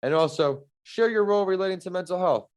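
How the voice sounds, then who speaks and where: A man's voice: high-pitched, fast talker, darkish tone. A young man hosting a podcast, reading an earnest, upbeat intro and questioning his guest. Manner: earnest, upbeat, reads from a script. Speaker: podcast host. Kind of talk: scripted podcast intro and interview.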